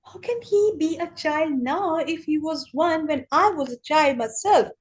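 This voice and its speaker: A woman reading the part of a puzzled young male apprentice, pitching up into exasperated questions. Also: a little slow.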